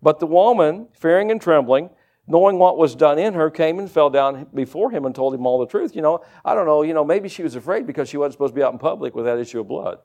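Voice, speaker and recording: Male preacher, high and very lively pitch, conversational sermon with homey examples. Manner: animated, conversational, folksy asides. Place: church service with congregation.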